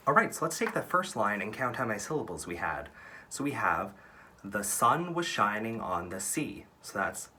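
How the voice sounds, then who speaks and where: A young man teaching an upbeat, encouraging online drama lesson for kids, counting out syllables slowly. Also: fairly low pitch, big pitch swings, sharp tone, a little hiss or hum.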